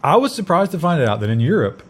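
A man's voice: a little high, big pitch swings, quick pace. An American man co-hosting a casual news chat, talking with wry joking asides. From United States. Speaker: podcast co-host.

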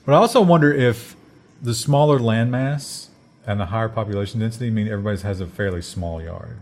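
A man's voice: lowish voice, brisk, darkish tone. An American man co-hosting a casual news chat, talking with wry joking asides. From United States. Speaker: podcast co-host.

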